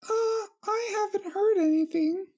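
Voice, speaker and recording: A woman voicing a prim, exasperated young female pony princess in a comedic fanfiction reading, with a shrill, clipped delivery. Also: unhurried. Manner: shrill, clipped, deadpan retorts. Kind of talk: comedic fanfiction read-aloud.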